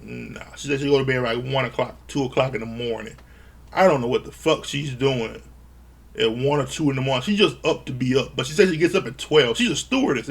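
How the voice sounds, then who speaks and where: A man's voice: fairly high pitch, gravelly. A man recapping a reality show in a casual, blunt and profane way, sounding exasperated. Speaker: show reviewer.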